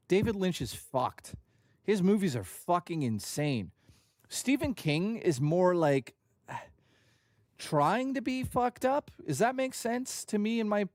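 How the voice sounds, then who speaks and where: Animated, profane male streamer. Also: sits high, no echo, clean studio sound. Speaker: livestream host. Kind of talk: casual livestream chat.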